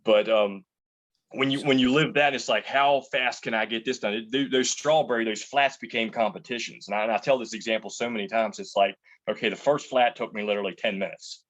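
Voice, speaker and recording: Low-voiced guy, chef talking about his work, kinda rambly, lo-fi sound. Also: steady tone, fairly quick, a bit bright. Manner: rambling, restarts sentences, tells anecdotes. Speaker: chef and entrepreneur. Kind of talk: casual interview answers.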